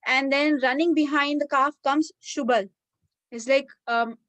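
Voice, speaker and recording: Animated woman telling a devotional story. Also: high-pitched, unhurried, no room sound. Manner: animated storyteller, many fillers. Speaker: devotional speaker.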